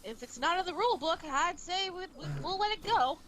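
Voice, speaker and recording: A woman's voice: very high voice, animated, brisk, a bit bright. A woman co-hosting a game stream, dropping dry teasing quips into the chat. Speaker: co-host. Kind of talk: casual gameplay chat.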